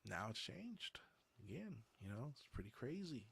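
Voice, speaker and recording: A man's voice: medium pitch, big pitch swings, normal speed, creaky, a bit bright, husky. A man hosting a podcast, chatting casually in a rambling, conversational way and reading viewer comments aloud. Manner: rambling, conversational, many fillers. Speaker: podcast host.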